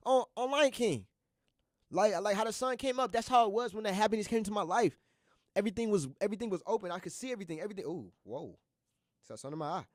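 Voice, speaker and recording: A young college student hosting a radio show, talking casually and earnestly, rambling and repeating himself with slang. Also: male voice, sits high, no room sound, studio quality. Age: young adult. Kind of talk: casual motivational monologue.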